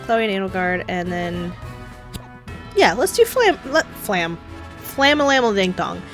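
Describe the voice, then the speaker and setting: A chatty young woman narrating her gameplay, thinking out loud and laughing often. Her voice sits in a middle range, with faint game music underneath. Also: mid-range voice, expressive, a little slow. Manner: chatty, giggly, thinking aloud. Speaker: gameplay streamer. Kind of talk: casual gameplay commentary.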